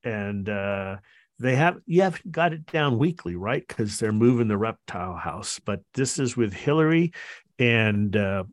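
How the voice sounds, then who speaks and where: Halting man co-hosting a podcast. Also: on the low side, expressive, no room sound, studio quality. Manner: halting, many fillers and restarts. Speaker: podcast co-host. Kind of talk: casual podcast chat.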